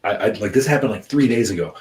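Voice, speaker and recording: A man co-hosting a casual podcast chat over a video call, talking in a relaxed, rambling way with lots of fillers. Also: fairly low pitch, quick pace, noisy background. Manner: laid-back, chatty, lots of fillers and laughter. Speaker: podcast co-host.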